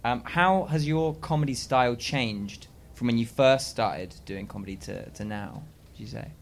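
Male co-host with a halting, filler-heavy delivery, faint background noise at a live show. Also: mid-range voice. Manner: hesitant, full of fillers and restarts. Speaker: podcast co-host interviewing a comedian. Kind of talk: live casual interview. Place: live venue at a comedy festival.

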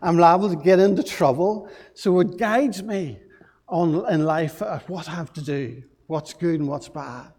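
High-pitched preacher guy telling a story to kids, animated, echoes round a big church hall. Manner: animated storytelling, lively pauses and restarts. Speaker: pastor. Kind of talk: children's talk in a sermon.

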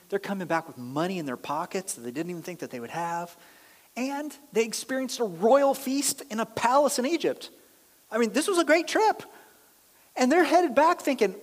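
A male pastor reads scripture and explains it, acting out how the characters react. His voice sits high and swings widely in pitch. The sound rings with the long reverb of a large hall. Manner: animated, acts out the characters' reactions. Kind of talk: sermon reading and explaining scripture.

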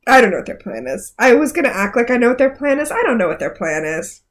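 A woman co-hosting a casual TV recap podcast, animated and exclamatory, swearing freely. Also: a little high, fast. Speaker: podcast co-host.

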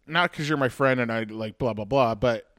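A man's voice: mid-range voice, normal speed, fairly bright tone, dry recording, studio quality. Rambling, profane comedian man. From Halifax, Canada. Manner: rambling, profane, self-mocking. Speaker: comedian and podcast host. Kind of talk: casual chat.

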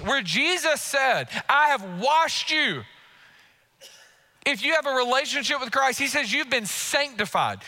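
A male pastor delivers an impassioned sermon in a high, ringing voice with a strikingly bright tone. He drives his points home by repeating them. He acts out the prayers and inner thoughts of his listeners. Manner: impassioned, emphatic preaching with repeated phrases.

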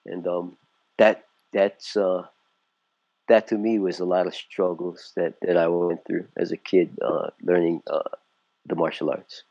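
A man's voice: sits low, little pitch movement, unhurried, gravelly, a little mellow, no echo, highs cut off. A man in his sixties from California, telling his story in a casual interview, rambling with many fillers and restarts. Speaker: martial arts instructor, interview guest.

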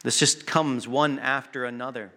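A man preaching a sermon, earnest and emphatic, pausing to stress words and sometimes restarting a phrase. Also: medium pitch, fairly even intonation, sharp tone.

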